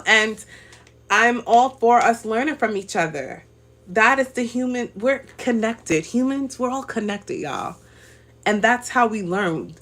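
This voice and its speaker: A slightly high, somewhat bright female voice belongs to a livestream host in her thirties. She chats casually and encouragingly with her viewers, reading their comments aloud, responding, and laughing a lot.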